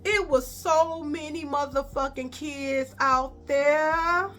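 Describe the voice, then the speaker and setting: A woman with a Chicago accent tells a story to her viewers, animated and profane, calling them y'all. Her voice is high and bright. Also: takes it slowly, soft background music. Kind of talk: casual storytime vlog.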